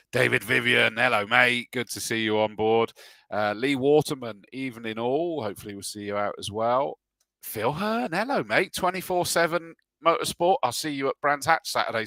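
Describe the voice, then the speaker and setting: A man's voice: lowish voice, fairly bright tone, dry recording. A man hosting a casual live stream, reading out viewer messages and greeting each one as mate in a chatty, jokey way. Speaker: host.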